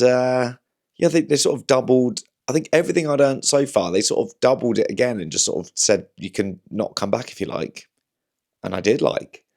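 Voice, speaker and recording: Medium-pitched and a little mellow, this young man from Slough speaks with a somewhat posh southern English accent. A comedian and podcast host, he chats alone in a rambling, self-deprecating way, with lots of fillers and restarts.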